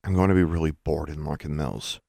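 A man's voice: a bass voice, fairly even intonation, a little fast, gravelly, mellow, no echo. A man voicing a blunt, frank teenage girl who is a witch, close to his own voice. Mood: wistful.

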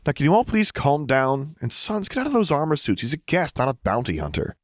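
A man voicing Luke, an earnest, flustered teenage boy who looks after a group of clones, with a hurried, protective manner. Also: on the high side, wildly swooping pitch, no room sound, studio quality, pitched above the performer's own voice. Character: earnest teen male clone caretaker, flustered.

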